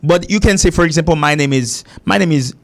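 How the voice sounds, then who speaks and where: A man running a call-in English lesson, his voice sitting a little high with a gravelly, creaky texture. He explains slowly and patiently, repeating himself and rephrasing so the caller can follow. The delivery sounds like a live show host taking a call.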